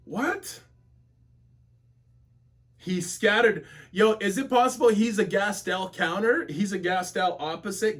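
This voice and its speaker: A man giving excited reaction commentary on a webtoon from his office, slangy and full of exclamations. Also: sits high, husky. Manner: exclaims constantly, slangy and animated. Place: home office.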